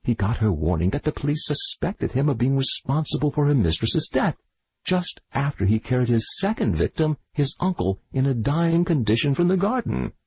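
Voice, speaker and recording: A man voicing a methodical detective in an audiobook reading, explaining in a measured, husky voice. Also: mid-range voice, sing-song, a little mellow, no echo, pitched above the performer's own voice, low-quality recording. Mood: calm. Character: shrewd middle-aged male detective, calm and methodical.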